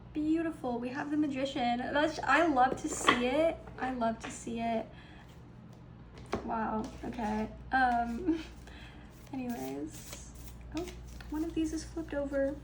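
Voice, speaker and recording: A young woman doing a casual, upbeat tarot card reading, chatty and full of ums and small laughs, with some vocal fry. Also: high-pitched, noisy background. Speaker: tarot reader.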